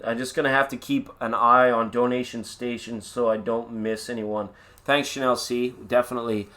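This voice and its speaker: A man's voice: mid-range voice, little pitch movement, moderate pace, pushed and bright. A man doing a live-stream tarot reading in a chatty, playful way with sing-song asides. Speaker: tarot reader.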